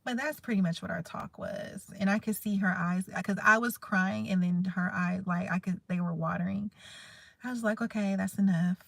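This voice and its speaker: A woman in her thirties chats candidly to camera with an unguarded, emotional ramble. Her mid-pitched voice has a gravelly, fry-laden edge, and the sound is dry and close. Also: fairly even intonation, normal speed, no room sound. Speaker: vlogger. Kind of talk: casual heartfelt chat to camera.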